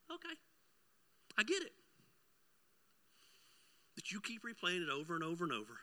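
Animated, bright-voiced preacher man. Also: sits high, moderate pace, pauses often. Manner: animated storytelling, swings from loud to hushed. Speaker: pastor. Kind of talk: sermon with personal story.

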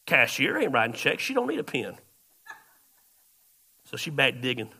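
A man preaching a sermon through a long personal story. His voice is gravelly and bright, and it jumps from quiet, muttered asides to sudden loud exclamations. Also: mid-range voice, wildly swooping pitch, moderate pace. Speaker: pastor.

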